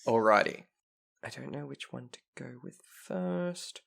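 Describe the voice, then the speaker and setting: A man with a gravelly, creaky voice hosts a relaxed chat podcast. He reads eerie internet stories in a mock reporter tone and gets animated when he reacts to them. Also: mid-range voice, unhurried. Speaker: podcast co-host. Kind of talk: casual chat and dramatic story reading.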